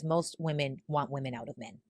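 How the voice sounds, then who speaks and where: A woman's voice: a bass voice, fairly quick, no room sound. A woman guest on a podcast, confidently explaining her views and acting out little quoted exchanges. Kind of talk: casual talk giving opinions.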